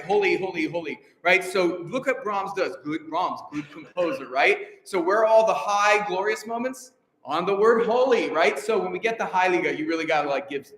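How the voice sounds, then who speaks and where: A man rehearsing a choir as conductor, coaching with energy, counting off and singing pitches to the singers. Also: a bit bright. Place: rehearsal hall. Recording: echoey hall with long reverb.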